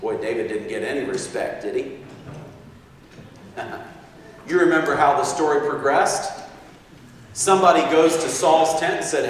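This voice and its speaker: A man's voice: on the high side, normal speed, pauses often, a little hiss or hum. A man preaching a sermon, telling a story with acted-out quotes and frequent chuckles. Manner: animated, acts out quotes, chuckles often. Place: large echoey hall. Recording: distant mic in echoey hall.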